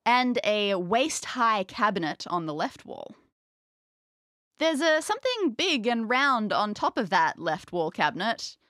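A woman narrating a tabletop game as game master in the second person, lively and wry. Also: on the high side, measured pace, no echo, clean studio sound.

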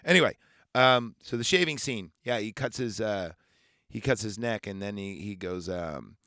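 Male podcast host, jokey and profane, lowish, dry close recording. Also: expressive, normal speed, pushed and bright, dry recording. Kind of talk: casual movie recap.

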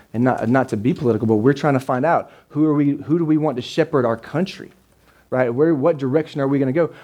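In a church service before a live congregation, a male pastor gives a sermon in a warm, medium-pitched voice. He keeps it conversational, repeats words, and regularly checks in with his listeners.

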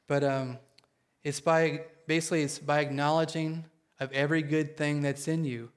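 A man preaching a sermon to his congregation, excitable and quick, often checking in with them. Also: fairly high pitch. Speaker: pastor.

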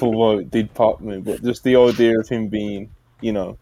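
A man's voice: on the low side, steady tone, moderate pace, hardly any pauses, dark tone. A man hosting a podcast, casually recapping wrestling in a rambling way, with laughs and restarts. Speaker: podcast host. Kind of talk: casual wrestling review chat.

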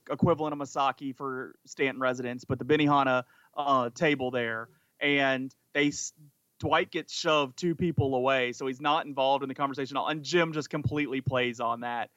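A man's voice: medium pitch, fairly even intonation, normal speed, sharp tone, no room sound, lo-fi sound. A man co-hosting a podcast in casual chat, talking eagerly and rambling with lots of fillers. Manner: enthusiastic, rambling, many "like" fillers. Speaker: podcast co-host.

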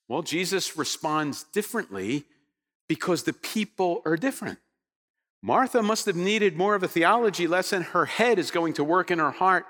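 Pastor, male, lively and high-voiced, animated storytelling sermon, hall echo. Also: unhurried. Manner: animated storytelling with rhetorical questions to the congregation. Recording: reverberant hall sound.

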